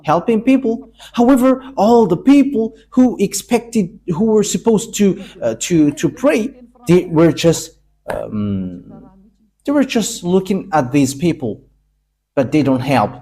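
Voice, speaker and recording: A man from Madagascar, preaching a sermon in emphatic, halting English with frequent pauses. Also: sits high, big pitch swings, dark tone.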